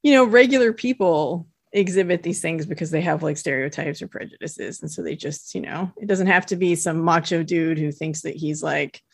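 A woman's voice: low-pitched, normal speed, gravelly, hardly any pauses, slightly rough, no room sound. A woman co-hosting a podcast, chatty and easygoing, laughing easily between points. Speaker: podcast co-host. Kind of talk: casual chat.

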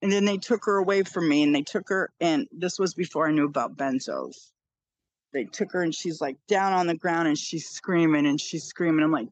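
A woman's voice: sits low, normal speed, dry recording, muffled recording. A woman in her fifties, a podcast guest, earnestly telling a personal story and repeating phrases for emphasis.

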